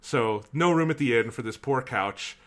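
A man hosting a podcast, telling a long story in an animated, casual way and swearing freely. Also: mid-range voice, normal speed. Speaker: podcast host.

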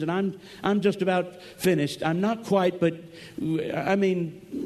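A man preaching a camp meeting sermon, emphatic, swinging from loud cries to low murmurs, acting out quoted voices and calling for amens. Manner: acts out quoted voices, asks the crowd for amens. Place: large church or camp meeting hall.

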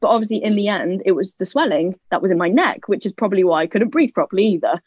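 A young woman with a British accent shares a story in a relaxed chat, lively and joking, slipping into other people's voices as she quotes them. Her pitch sits in the middle range. The sound is dry and a little dull, like a modest lo-fi recording. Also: fast talker, breathy edge, dry recording. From United Kingdom. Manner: lively, jokey, acts out other people's lines. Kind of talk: casual storytelling in a conversation.

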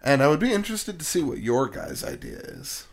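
A man's voice: medium pitch, wildly swooping pitch, a little fast, creaky. A man hosting a casual podcast chat, swearing freely and laughing often. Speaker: podcast host.

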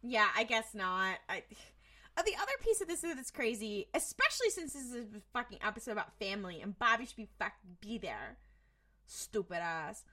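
A woman co-hosting a podcast, recapping an episode in casual chat, animated and sweary. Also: mid-range voice, moderate pace. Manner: animated retelling, swearing, many fillers. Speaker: podcast co-host.

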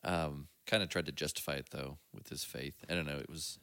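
Male co-host, deep, crisp bright tone, rambling storyteller. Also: fairly even intonation, a little fast, no room sound. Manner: storytelling, laughs easily, trails off with fillers. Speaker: podcast co-host. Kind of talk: casual chat.

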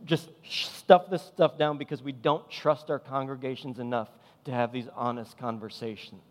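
A man's voice: mid-range voice, steady tone, normal speed. A man preaching a sermon as pastor, impassioned and emphatic, driving points home with repeated phrases. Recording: long hall reverb.

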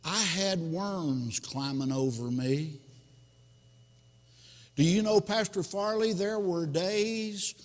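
Preacher playing a talking cucumber, earnest and proud, kinda high, echoey hall. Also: male voice, slow pace. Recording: long hall reverb.

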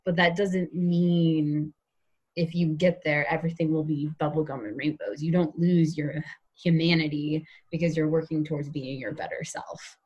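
A woman hosting a podcast interview, talking in a relaxed, reflective way. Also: sits low, moderate pace, breathy edge, muffled recording. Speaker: podcast host. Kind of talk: casual interview.

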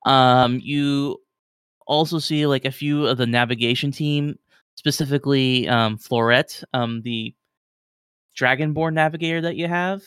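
A man's voice: mid-range voice, fairly even intonation, measured pace, a bit bright, smooth, no room sound, studio quality. A man narrating as game master in a casual, filler-heavy way.

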